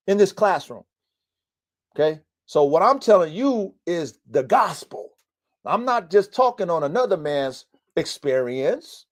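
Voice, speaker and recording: A man hosting a casual live-stream podcast about his dogs, talking bluntly and preachily, swearing often and repeating himself for emphasis. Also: high-pitched. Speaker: podcast host and dog breeder. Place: home in the mountains.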